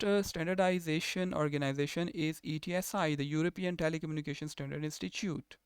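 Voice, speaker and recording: Man lecturing with a crisp, dry voice. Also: a little high, no echo. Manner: explanatory, restates terms and rephrases often. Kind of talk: recorded university lecture.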